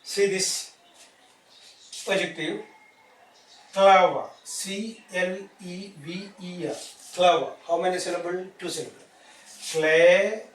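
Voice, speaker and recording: Slow, spelling-out teacher. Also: male voice, high voice, fairly even intonation. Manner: drills words slowly, spells them letter by letter, keeps asking "isn't it?". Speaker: English teacher. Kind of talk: classroom grammar lesson. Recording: echoey room, distant mic, faint hiss.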